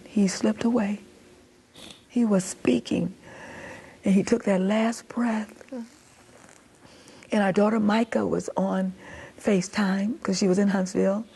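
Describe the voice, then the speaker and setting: A woman's voice: on the high side, measured pace, gravelly, pauses often, mellow, breathy edge. A middle-aged woman giving a heartfelt personal testimony as an interview guest, telling her story and acting out what others said. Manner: storytelling, acting out quoted speech; impassioned, pleading.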